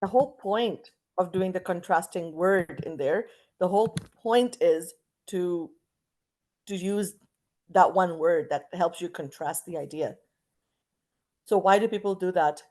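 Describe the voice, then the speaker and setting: A middle-aged woman from Canada teaching an online English class, chatty and stretching out words and pauses to model intonation. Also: fairly low pitch, a little mellow, rough recording.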